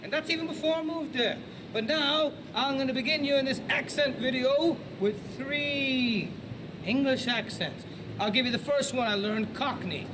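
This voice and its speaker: A man with an American accent boasting about his accent impressions in a video, slow and full of street slang. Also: very high voice, noisy background. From United States.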